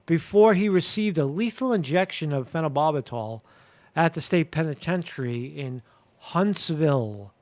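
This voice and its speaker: A man's voice: a little high, animated, a little mellow. Rambling man hosting a live commentary show. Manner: rambling, halting, many fillers and restarts, crude language. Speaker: show host. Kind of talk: casual live-stream commentary.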